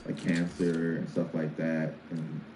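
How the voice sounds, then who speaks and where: A man's voice: a bass voice, flat delivery, unhurried. A man co-hosting a casual podcast chat, telling stories in a laid-back way. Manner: laid-back storytelling, reads sponsor spot. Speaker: podcast co-host. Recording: echoey room with background noise.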